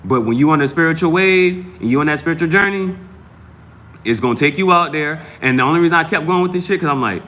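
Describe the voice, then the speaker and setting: A man's voice: a little high, fast, fairly bright tone. A man hosting a live tarot stream, talking in a rambling, profane, emphatic way and often restarting his sentences. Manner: repeats and restarts phrases. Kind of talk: casual live-stream talk.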